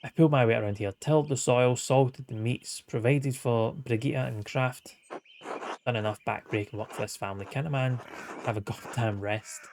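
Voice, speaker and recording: A man reading aloud as a gruff, defensive village man who is hardworking and evasive, and who talks in a blunt, grumbling way. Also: medium pitch, moderate pace, darkish tone, a little hiss or hum, natural voice.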